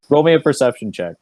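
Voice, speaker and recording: A man's voice: mid-range voice, husky, no room sound. A man narrating as game master in an online tabletop game, laid-back and laughing often. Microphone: online voice chat.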